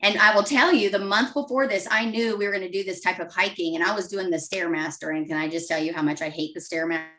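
Client testimonial: woman, lower voice, heartfelt storyteller, slightly distant mic. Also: steady tone, quick pace, few pauses, bright, forceful tone, a little hiss or hum. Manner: open, emotional storytelling. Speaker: coaching client. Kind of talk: testimonial interview.

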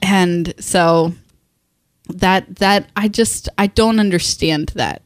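A middle-aged woman chatting casually, animated and laughing often, with frequent restarts. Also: lowish voice, slow pace, no echo, studio quality. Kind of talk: casual chat.

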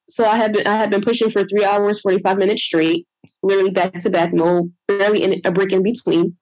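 A woman telling a personal story in casual conversation, animated and acting out what others said. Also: medium pitch, fast, dry recording, poor audio. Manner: animated, re-enacts others with lively quoted voices. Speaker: guest sharing a personal story.

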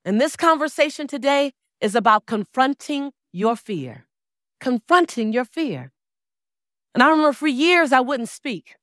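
Woman, 40s, motivational stage speaker, fairly high voice, dry close sound, dramatic storytelling, emphatic repetition. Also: sing-song, a little slow, fairly bright tone, no room sound. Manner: dramatic storytelling, acting out quoted dialogue; emphatic, repeats key phrases. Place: stage before a live audience.

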